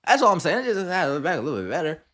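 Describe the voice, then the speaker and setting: A man's voice: fairly high pitch, sing-song, very fast, a bit bright. A man hosting a podcast, giving scornful, sarcastic sports commentary and mocking what others said. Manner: sarcastic and scornful, mocking quotes in put-on voices. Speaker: podcast host.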